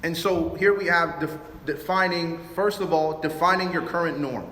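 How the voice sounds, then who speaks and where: Man from Chicago giving a relationship talk: high, bright voice, animated storyteller who plays every part, echoing hall. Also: moderate pace. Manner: animated storytelling, acts out both sides of arguments. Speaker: youth speaker. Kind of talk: relationship talk with personal stories. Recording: roomy hall reverb.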